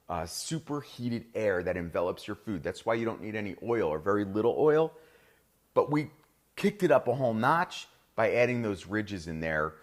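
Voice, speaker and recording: A man's voice: on the low side, fairly bright tone. A middle-aged man with a New Jersey accent, hosting a live cooking demonstration in a kitchen and chatting enthusiastically to viewers. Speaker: chef and host.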